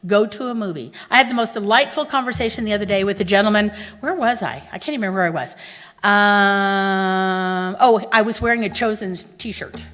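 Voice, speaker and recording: A woman from Texas with a Texan accent, giving a chatty, animated conference talk and asking her audience questions. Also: medium pitch, brisk. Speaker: conference speaker. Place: large conference hall. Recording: reverberant hall.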